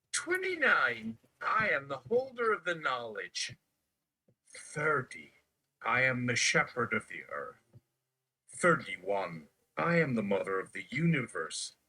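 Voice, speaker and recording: A man's voice: mid-range voice, bright, forceful tone, rough recording. A man on a live stream reciting numbered declarations one after another in a chanting manner. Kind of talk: slow counting recitation.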